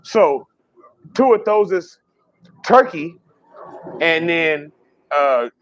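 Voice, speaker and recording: Animated rambling man on a livestream. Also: a little high, dry recording, lo-fi sound. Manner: animated, rambling, swears freely, fast talker. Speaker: livestream host. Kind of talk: casual livestream chat reading viewer comments.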